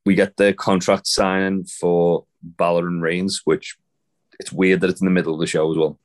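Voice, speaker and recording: A man's voice: sits low, level tone, normal speed. A man co-hosting a podcast, recapping wrestling in a rambling, casual way with lots of swearing and fillers. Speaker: podcast co-host.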